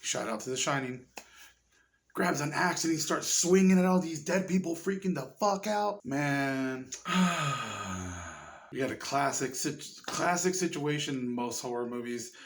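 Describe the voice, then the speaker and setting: A man's voice: medium pitch, sing-song, unhurried. Profane, rambling man reviewing a movie. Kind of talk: casual chat.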